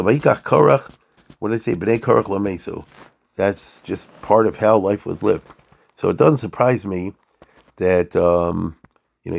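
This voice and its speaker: Man lecturer, low gravelly voice, casual and rambling, checks in with the audience. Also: a little mellow. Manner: chatty and digressive, asks listeners rhetorical questions. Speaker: lecturer on Jewish history. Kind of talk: informal spoken lecture.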